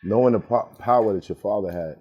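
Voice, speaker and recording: Deep dark voiced guy hosting a podcast, calm probing questions. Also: fast, slight background noise. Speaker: podcast host. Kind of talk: interview questions.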